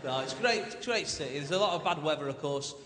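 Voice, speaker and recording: A young stand-up comedian from Manchester, England, with a Manchester accent, does a chatty, cheeky set on a large theatre stage, bantering with the crowd. His fairly high voice is animated and fast, with slight background noise, echoey theatre sound, and loud audience laughter and applause.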